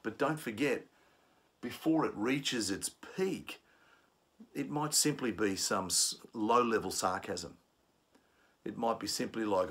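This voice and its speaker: Husky, low-voiced trainer. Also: male voice, slow pace, long pauses, fairly bright tone. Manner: explanatory, acts out angry commuters. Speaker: conflict management trainer. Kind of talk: instructional talk.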